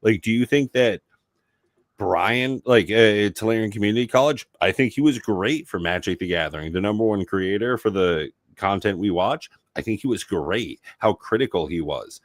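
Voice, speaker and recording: A man's voice: lowish voice, animated, normal speed, dry recording, studio quality. A man co-hosting a casual card-game podcast, joking and rambling with lots of fillers. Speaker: podcast co-host. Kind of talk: casual chat.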